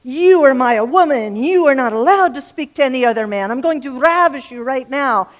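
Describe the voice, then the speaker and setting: A woman playing a slimy, possessive Italian man, speaking loudly and over the top in a fairly high voice. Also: expressive, moderate pace.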